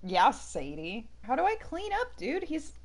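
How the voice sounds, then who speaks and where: A woman's voice: a little high, wildly swooping pitch, unhurried. A young woman streaming a game, chatting casually and laughing often with her viewers. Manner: chatty, laughs often, jokey asides to chat. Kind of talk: casual gameplay commentary.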